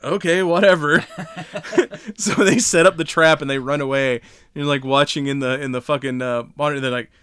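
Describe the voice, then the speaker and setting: A man co-hosting a podcast in casual chat, retelling a movie scene by scene with lots of swearing, laughter and quick acted-out lines of dialogue. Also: medium pitch, smooth, no room sound, clean studio sound. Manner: animated storyteller, swears a lot, acts out movie lines. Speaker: podcast co-host.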